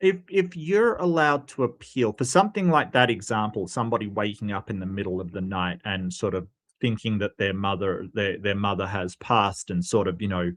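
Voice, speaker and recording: A man's voice: on the low side, moderate pace, a bit bright. A man talking through the reasoning of a debate in casual commentary, with plenty of fillers, spelling out his argument step by step. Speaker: debate reviewer.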